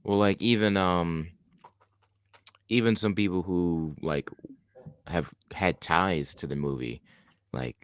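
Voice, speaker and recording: A man's voice: deep voice, slow, pauses often, clean tone, no room sound. A man co-hosting a podcast, chatting casually and enthusiastically about a horror film, rambling with many restarts. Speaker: podcast co-host. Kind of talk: casual film review chat.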